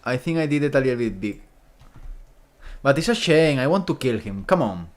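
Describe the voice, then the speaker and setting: A man with streaming live commentary as he tests his own game, talking to enemies and swinging from loud to muttered. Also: medium pitch, animated, moderate pace.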